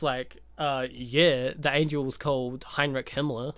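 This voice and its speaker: A man's voice: a little high, takes it slowly, pushed and bright, dry recording. A man giving a casual, profane recap of a movie, full of sarcastic jokes and laughing asides. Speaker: YouTube movie commentator.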